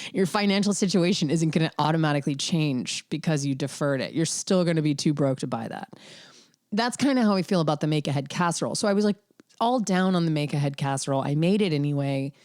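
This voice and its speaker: A woman with a notably low voice hosts her podcast alone, chatting casually and candidly. She wanders from thought to thought with wry asides and plenty of fillers. The sound is close and dry, with no room around her. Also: a little fast, a little mellow, no echo. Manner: rambling, candid, wry, with frequent fillers and laughs. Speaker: podcast host. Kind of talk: casual solo podcast chat.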